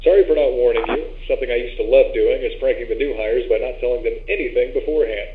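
A man's voice: mid-range voice, fast talker, echoey room. An actor playing a laid-back male night-shift supervisor who leaves offhand, joking instructions on a phone recording. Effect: phone filter. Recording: tinny phone-line recording with hiss.

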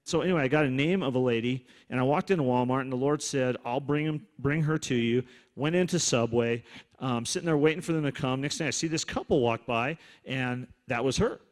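A man telling a conversational testimony about praying for strangers in a store. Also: medium pitch. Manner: conversational, relaxed, quick asides. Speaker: minister sharing a testimony. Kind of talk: storytelling testimony.

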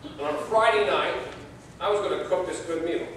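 Folksy pastor preaching in echoey church. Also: male voice, high voice, normal speed, fairly bright tone, a little hiss or hum. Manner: folksy storytelling with humor. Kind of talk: sermon. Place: church sanctuary. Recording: distant mic in echoey church.

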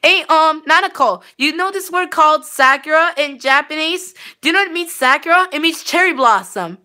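Bright, high-voiced woman streamer. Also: lively intonation, a little fast. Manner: rambling, repeats words, talks straight to viewers; many restarts and filler sounds. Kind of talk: live gameplay streaming chat.

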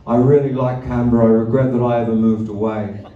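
A man's voice: mid-range voice, steady tone, a little fast, narrow, tinny audio. Rambling man on a theatre stage. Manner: loose, profane, self-mocking storytelling. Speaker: musician performing live. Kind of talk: rambling stage banter between songs. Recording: live theatre recording, roomy and distant.

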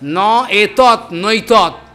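A man's voice: sits high, slow pace, pushed and bright. An older man giving a devotional discourse, chanting verses and explaining them with repeated emphatic phrases. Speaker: spiritual teacher.

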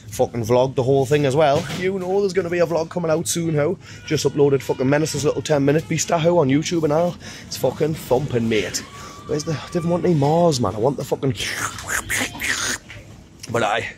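A young man ranting excitedly in a casual vlog, swearing nonstop and full of slang. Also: mid-range voice, a little hiss or hum. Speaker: vlogger. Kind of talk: rowdy casual vlog rant.

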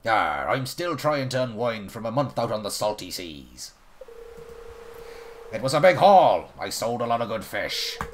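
A man voicing a gruff old male sailor and fisherman in a video game, hearty, loud and growling. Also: fairly low pitch, big pitch swings, unhurried, slight background noise.

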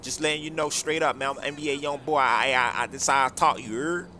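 A man voicing a menacing young male rapper in a game role-play, swearing and threatening in slow street talk. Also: mid-range voice, fairly even intonation, pushed and bright, a little hiss or hum, close to an everyday voice.

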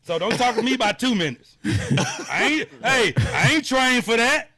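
A man's voice: very high-pitched, animated, normal speed, sharp tone. A man co-hosting a casual podcast, boisterous and cutting in with repeated "hey, wait.". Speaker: podcast co-host.

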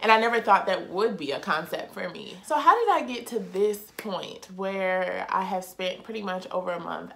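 A woman's voice: mid-range voice, gravelly. A young woman talking casually and openly to her viewers in a faith vlog, chatty and confiding. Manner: chatty, warm-hearted, confiding, heartfelt. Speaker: vlogger. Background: soft background music.

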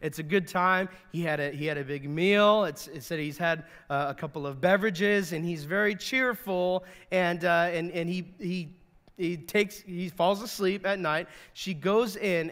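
High-voiced male pastor preaching. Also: moderate pace, big-room sound. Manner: animated, repeats and restarts words, acts out quotes. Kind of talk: sermon.

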